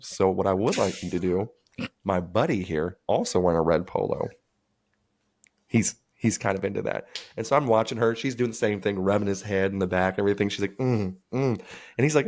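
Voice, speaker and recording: A man with a low voice tells bawdy stories on a casual podcast. He acts out each quote with lively jumps in pitch. His delivery is crude and animated. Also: a little fast. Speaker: podcast co-host. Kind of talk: casual chat, storytelling.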